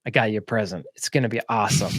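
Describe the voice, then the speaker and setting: A man's voice: lowish voice, very fast, fairly bright tone, no room sound, studio quality, voice pushed down. A man voicing an exasperated father of twin boys in a casual, slangy way. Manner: casual, laid-back, slangy.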